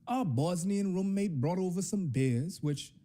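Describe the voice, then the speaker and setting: Animated Bahamian man telling a story. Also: unhurried. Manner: animated, swings between high and low pitch. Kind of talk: comic personal storytelling.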